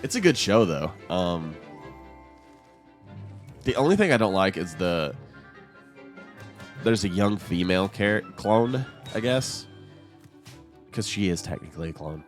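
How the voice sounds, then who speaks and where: A man's voice: sits low, sing-song, measured pace, pauses often, faint music behind. A man chatting casually while streaming a game, rambling between topics and laughing often. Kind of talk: casual chat while gaming.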